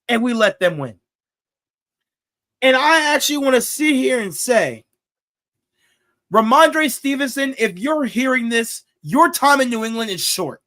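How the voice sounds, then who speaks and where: A young man with a high voice hosts a casual sports talk show. He rants loudly and excitably. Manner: loud, excitable ranting. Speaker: podcast host.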